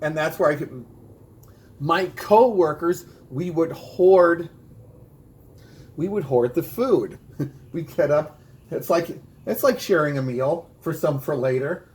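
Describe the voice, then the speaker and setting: A man's voice: on the high side, lively intonation, slow pace, long pauses, a little mellow, low-quality recording. Man delivering stand-up punchlines. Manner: punchy delivery, repeats a catchphrase; bilingual. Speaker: stand-up comedian. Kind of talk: rehearsing a stand-up bit.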